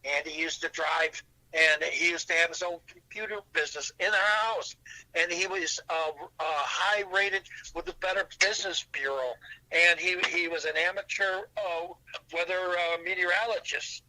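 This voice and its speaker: A man's voice: on the high side, moderate pace, bright, forceful tone, rough recording. An older man, a podcast guest, telling long rambling stories in casual chat, with restarts and fillers.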